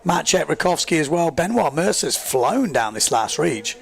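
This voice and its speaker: A man commentating a live race stream, excitable and chatty, joking at his own expense as he reads viewer comments. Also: on the high side, normal speed, gravelly. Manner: excitable, chatty, self-deprecating, rambling with fillers. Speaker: livestream sports commentator.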